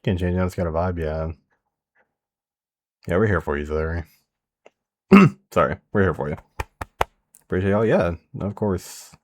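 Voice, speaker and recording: A man's voice: low-pitched, measured pace, long pauses. A man streaming, chatting casually with his viewers in a laid-back way, swearing freely. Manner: laid-back, swears a lot, addresses chat directly. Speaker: streamer reacting to a video.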